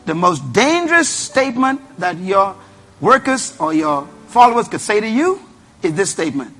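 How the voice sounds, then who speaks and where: A high-pitched man delivers a motivational sermon. He is emphatic and repetitive, and he drives his points home by commanding the audience. Faint music plays underneath. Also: very animated, moderate pace, a bit bright. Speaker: preacher and leadership speaker.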